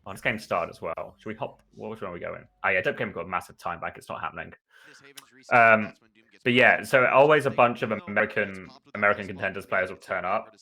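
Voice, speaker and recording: A British man with a bright, forceful voice that sits fairly low, talking loosely and at length as he commentates a live game. He drifts into rambling asides, then jumps up in energy when the action heats up. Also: a little fast. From United Kingdom. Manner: chatty and rambling, with excited bursts on plays. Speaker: esports commentator.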